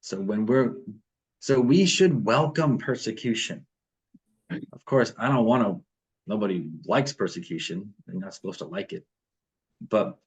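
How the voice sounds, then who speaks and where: A man's voice: medium pitch, darkish tone. A man leading a morning devotion over a video call, reading passages aloud and then talking them through with fillers and restarts.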